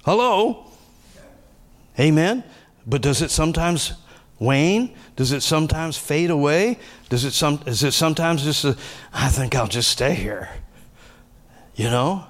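A middle-aged man, a pastor, preaching a conversational sermon that swings between loud raised passages and hushed asides. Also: a little high, animated, a little slow, pauses often.

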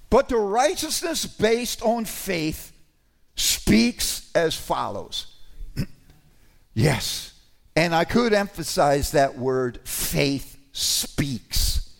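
A man preaching a sermon to his congregation, conversational and animated, with sudden emphatic rises. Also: medium pitch, gravelly.

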